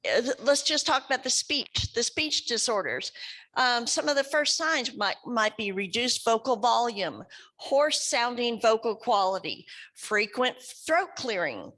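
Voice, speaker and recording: A woman's voice: a little high, animated, unhurried, fairly bright tone. A woman from West Kentucky, a speech therapist giving an educational talk to a support group in a conversational way, often asking the audience questions. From West Kentucky, USA.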